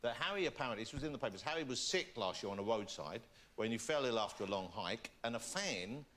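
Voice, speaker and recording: A man's voice: medium pitch, lively intonation, quick pace, fairly bright tone. A man hosting a chat show in a TV studio, playful and teasing as he interviews guests. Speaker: talk show host. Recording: studio audience and noise.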